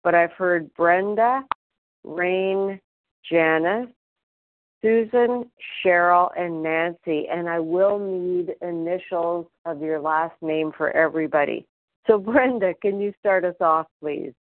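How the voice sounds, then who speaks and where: A woman's voice: lowish voice, slow, no echo. A woman chairing a recovery meeting over the phone, polite and procedural. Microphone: phone call. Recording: tinny phone line.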